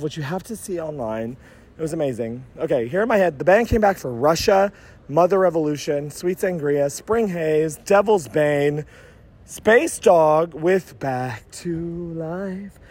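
A man giving an animated, laughing, profanity-laced recap of a concert into his phone, outside the venue after the show. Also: on the high side. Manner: animated, laughing, swearing freely. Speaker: vlogger reviewing a concert. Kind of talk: excited post-concert recap. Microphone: phone held at arm's length.

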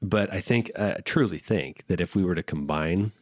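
Male podcast co-host, lower voice, animated chuckling storyteller. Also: normal speed, no echo, studio quality. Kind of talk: casual podcast chat.

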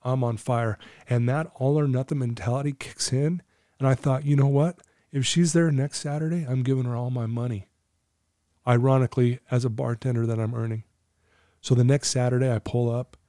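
A man's voice: mid-range voice, steady tone, moderate pace, dark tone, no room sound, studio quality. A man in his fifties, a recovery coach, telling a personal story as a podcast guest in an earnest, emotional way, laughing easily.

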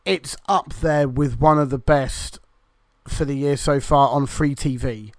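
A man's voice: mid-range voice, fairly even intonation, unhurried, dry recording, clean studio sound. A man co-hosting a podcast, chatting casually through a wrestling review, rambling and swearing freely as he acts out the wrestlers' lines. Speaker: podcast co-host.

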